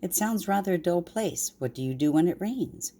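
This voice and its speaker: A woman's voice: fairly low pitch, lively intonation, moderate pace, mellow. An older woman voicing a fussy, huffy male town mouse in a bedtime story, with a prim and a little sniffy manner.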